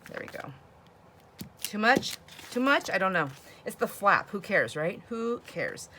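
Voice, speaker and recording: This crafting channel host speaks a little slowly at medium pitch, her voice swinging widely up and down with a bright, forceful tone over a faint hiss or hum. Chatty and quick to laugh, she talks to herself while she works.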